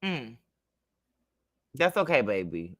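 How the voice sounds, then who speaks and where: Sassy, animated young man livestreaming. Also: medium pitch, takes it slowly, no echo, studio quality. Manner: animated, sassy, chatty, greets viewers. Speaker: livestream host. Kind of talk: casual livestream storytelling.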